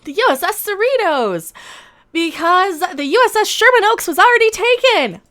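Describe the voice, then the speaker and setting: A woman's voice: extremely high pitch, big pitch swings, normal speed, fairly bright tone. A woman hosting a live reaction stream, giving sarcastic, ranting commentary and swearing often. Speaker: reaction video host.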